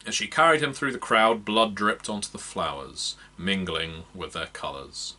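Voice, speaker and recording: A man narrating a fantasy novel aloud in a measured, expressive reading. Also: sits low. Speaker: audiobook narrator. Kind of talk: scripted narration.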